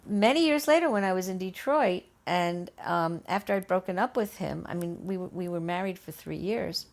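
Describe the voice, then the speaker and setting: Gravelly older woman telling a story. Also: fairly low pitch, normal speed. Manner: animated, acts out quoted voices, many restarts. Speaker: oral history interviewee. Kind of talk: conversational storytelling. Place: her home.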